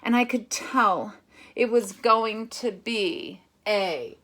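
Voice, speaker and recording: A woman music teacher reading a picture book aloud to children, chanting words in a steady rhythm and giving patient, step-by-step instructions. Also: mid-range voice, slow pace, a little hiss or hum.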